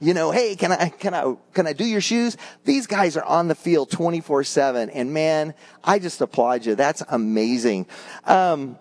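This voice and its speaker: Animated middle-aged male pastor, slightly high. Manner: animated, conversational preaching with quick asides. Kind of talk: sermon.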